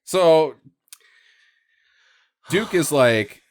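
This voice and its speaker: A man in casual podcast chat picks apart a bad movie. His pitch swings widely as he laughs and slips into goofy voices for the characters. He sits at an ordinary middle pitch. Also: animated, measured pace. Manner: laughs often, acts out characters in mocking voices. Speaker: podcast host.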